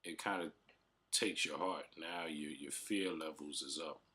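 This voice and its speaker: Very deep husky-voiced man telling his story. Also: measured pace, pushed and bright. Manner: rambling, emotional, lots of fillers and slang. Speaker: aspiring rapper and podcast host. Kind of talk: casual storytelling monologue.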